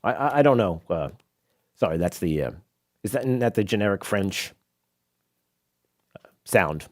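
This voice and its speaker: Talk radio host, male, sarcastic and rambling, lively pitch. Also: moderate pace. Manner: sarcastic, animated, rambling with asides. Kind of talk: opinionated talk radio monologue. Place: radio studio.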